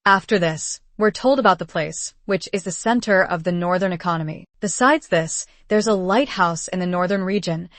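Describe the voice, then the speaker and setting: Woman narrator for a story recap, even delivery, dry close sound. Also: lowish voice, normal speed, hardly any pauses, no echo.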